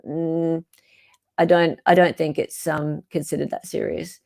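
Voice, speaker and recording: A woman's voice: low voice, level tone, a little slow, gravelly. An Australian woman hosting a casual livestream, chatting, reading court documents aloud and reacting to viewer comments. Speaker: host.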